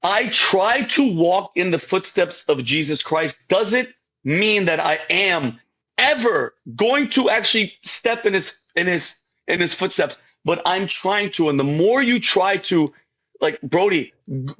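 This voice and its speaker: A man's voice: high voice, fairly bright tone, husky, poor audio. A man on a podcast telling his faith story with feeling. He rambles and stammers through restarts and keeps calling the host by name. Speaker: podcast guest. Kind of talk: emotional faith testimony in casual talk.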